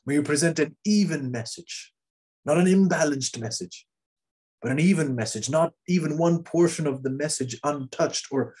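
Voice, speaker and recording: Earnest male preacher, husky voice. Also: moderate pace. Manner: earnest, emphatic, drops to soft low endings on key phrases; repeats and restarts phrases for emphasis. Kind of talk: sermon.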